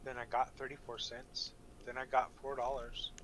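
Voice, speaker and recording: A man's voice: mid-range voice, level tone, moderate pace, a bit bright, slight background noise, rough recording. A young man from Montana hosting a casual crypto livestream, rambling and swearing between his friends' jokes. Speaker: livestream host.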